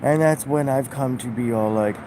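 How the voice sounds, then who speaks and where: A man vlogging a halting, musing spiritual monologue, full of fillers. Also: medium pitch. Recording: outdoor traffic noise.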